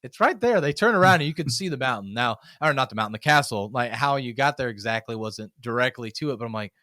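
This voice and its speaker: A man's voice: mid-range voice, fast, dry recording, clean studio sound. A man, a public speaking coach, chatting as a podcast guest and acting out little stories. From United States. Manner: animated storyteller, acts out quoted voices. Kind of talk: casual podcast conversation.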